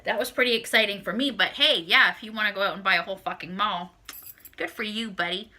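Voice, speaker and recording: A woman with a mid-range voice speaks quickly in a sharp tone. As a vlogger talking to camera, she tells a dating story casually, bluntly and with heavy profanity, acting out her own reactions.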